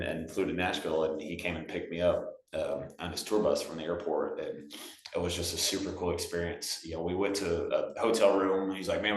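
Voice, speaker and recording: A young man from Texas, a singer-songwriter guest, telling stories in a relaxed, chatty way with lots of fillers. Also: low voice. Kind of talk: casual storytelling. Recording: roomy echo.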